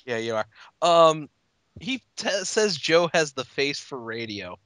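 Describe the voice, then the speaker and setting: A man chatting casually on a podcast, rambling through his points with swearing and bursts of laughter. His voice is bright and forceful, set a little high. The sound is dry and close. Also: very animated, slow pace, no room sound. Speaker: podcast co-host. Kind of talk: casual chat.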